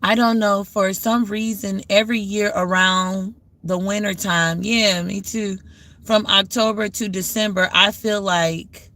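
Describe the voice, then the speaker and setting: Here a woman runs a laid-back livestream, musing reflectively and answering comments from her audience in a conversational manner. The voice is medium-pitched, steady, unhurried, and fairly bright in tone.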